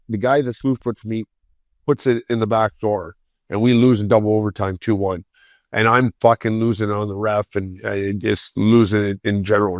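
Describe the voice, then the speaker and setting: A man, a former pro hockey player, telling profane, animated stories as a podcast guest and acting out other people's voices. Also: lowish voice, dry recording, clean studio sound. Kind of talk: casual storytelling on a podcast.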